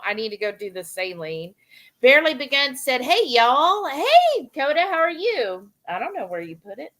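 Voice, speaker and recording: A woman's voice: high-pitched, pushed and bright. A woman hosting a live cooking stream, casually reading out viewer comments and greeting each viewer by name. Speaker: cooking livestream host reading chat.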